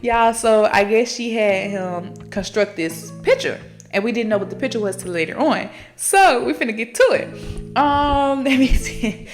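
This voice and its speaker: A woman's voice: fairly high pitch, unhurried, faint music behind. A woman hosting a book podcast, recapping a story in a casual, slangy, profane way and talking straight to her listeners. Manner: chatty, slangy and profane, addresses listeners directly.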